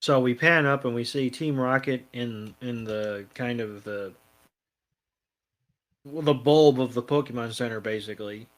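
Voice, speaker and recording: Man, podcast co-host, mid-pitched voice, relaxed plot recap. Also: unhurried. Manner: narrates plot with quoted lines and fillers. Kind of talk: casual chat recapping an episode.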